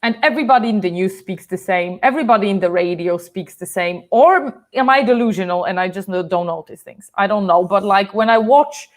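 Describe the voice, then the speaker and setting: A woman's voice: mid-range voice, a little fast, hardly any pauses. A young woman from Poland with a Polish accent, co-hosting a casual live stream, chatty and laughing often.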